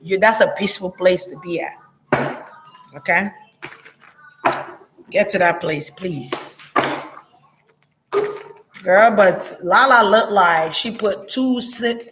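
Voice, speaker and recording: Blunt, animated woman vlogger. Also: a little hiss or hum. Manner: blunt and profane, animated, talks straight to viewers; lively pitch jumps, laughs often. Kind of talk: casual opinion monologue.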